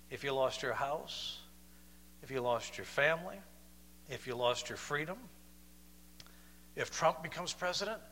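A man preaching a sermon, moving between loud, emphatic declarations and soft, slow, questioning passages. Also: on the high side, long reverb tail.

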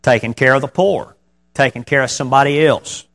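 A man's voice: medium pitch, brisk, gravelly, a bit bright. Man preaching a conversational sermon. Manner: conversational preaching with rhetorical questions; reads scripture in King James wording. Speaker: pastor.

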